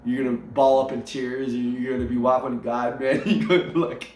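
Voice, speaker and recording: A man's voice: medium pitch, fairly even intonation, a little fast, hardly any pauses, darkish tone. A man in a casual spoken testimony, talking earnestly. He ends almost every phrase with "man", repeats his words and laughs often. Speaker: storyteller sharing his faith. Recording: echoey room with faint music.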